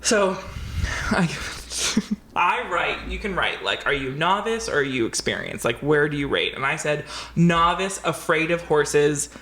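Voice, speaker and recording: Expressive female podcast co-host, casual storyteller who swears freely; slightly echoey room. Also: low-pitched, unhurried. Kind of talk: casual chat, animated storytelling. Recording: roomy echo.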